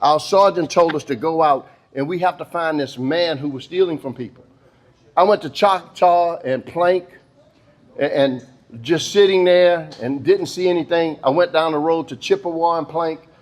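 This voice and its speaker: A middle-aged man, a police chief telling a folksy story to an audience. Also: fairly high pitch. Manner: folksy, addresses the crowd as y'all and baby. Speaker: police chief giving a speech.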